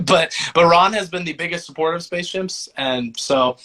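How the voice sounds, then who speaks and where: A man's voice: a little high, moderate pace, sharp tone. A young man, a voice actor and musician, talking in a laid-back, rambling way full of fillers during a casual interview.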